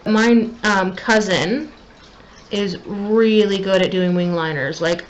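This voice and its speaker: A woman's voice: mid-range voice, takes it slowly, dull audio, slight background noise. Frustrated young woman vlogging makeup. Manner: self-deprecating, increasingly frustrated, thinking aloud. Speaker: beauty vlogger. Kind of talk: casual makeup tutorial chat.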